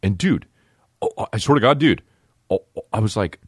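A man's voice: on the low side, animated, normal speed, slightly rough, no room sound, clean studio sound. A man voicing a laid-back young surfer dude who chases women and drawls "man" after nearly every phrase. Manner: drawling, says "man" constantly.

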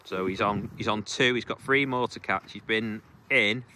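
A man's voice: fairly low pitch, normal speed, pushed and bright. A man filming and commentating a fishing challenge outdoors by a lake, chatty and encouraging, shivering in the cold. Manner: chatty, encouraging, gives timings. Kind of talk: casual commentary and chat. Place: outdoors at a lakeside, kneeling in mud. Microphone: handheld camera mic. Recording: outdoor background noise.

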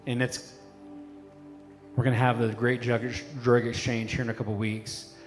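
A middle-aged man preaching a sermon as pastor, talking in a loose, conversational way with many fillers. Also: medium pitch. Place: church sanctuary. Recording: long hall reverb with faint music. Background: faint worship band music.

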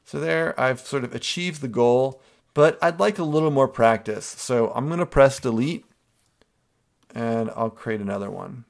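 A man's voice: mid-range voice, measured pace, gravelly. A male art teacher narrating a screen-recorded drawing tutorial, explaining each step patiently and checking in with students with a frequent "okay?".

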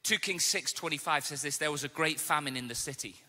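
A man preaching a sermon as pastor, telling stories with casual asides and lively acted quotes. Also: a little high, fairly quick, long reverb tail. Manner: animated storytelling, casual asides. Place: church auditorium.

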